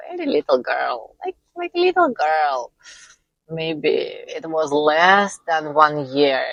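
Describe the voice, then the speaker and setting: A woman tells her own story in careful, non-native English, her low voice slightly gravelly. She speaks slowly and haltingly, often breaking into light laughter between phrases. The sound is close and dry, with no room around it. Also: a bit bright, no room sound, rough recording. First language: not English. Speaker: vlogger. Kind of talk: personal storytelling.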